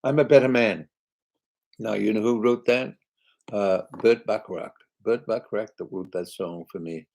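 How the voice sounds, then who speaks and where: An older man casually chatting live and reading out viewer comments, halting and rambling, with frequent "uh" and "you know" and light chuckles. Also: lowish voice, gravelly, a little mellow, rough recording. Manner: chuckles often. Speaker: singer hosting a live chat.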